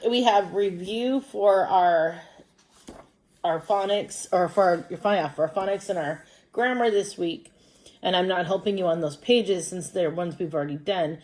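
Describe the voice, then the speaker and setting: A woman gives a recorded distance-learning lesson for first graders, patiently explaining reading and math step by step for young kids. Her voice is medium in pitch and a little mellow.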